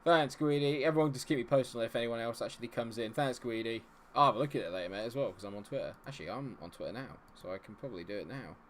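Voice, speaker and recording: Streaming a football management game, a young man talks to his viewers, alternately celebrating goals and worrying about results. He speaks quickly at a medium pitch, and there's slight hiss or hum in the audio.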